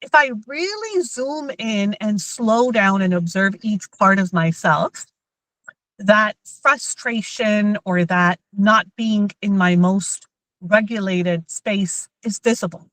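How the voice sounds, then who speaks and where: A woman and mother giving a lively workshop talk on emotional intelligence to parents and teachers. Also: medium pitch, slow pace, no echo, poor audio. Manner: lively, acts out everyday scenes in quoted voices.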